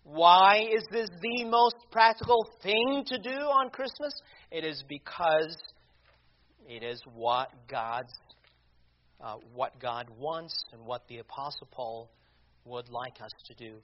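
A man preaching a sermon, deliberate and emphatic, asking rhetorical questions. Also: fairly high pitch, lively intonation. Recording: dull lo-fi recording.

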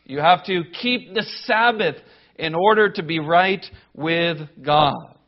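A man with a high-pitched voice preaches a sermon at an unhurried, measured pace. He stresses his points firmly and stacks them in rhetorical lists. The recording sounds dull and lo-fi. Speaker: pastor.

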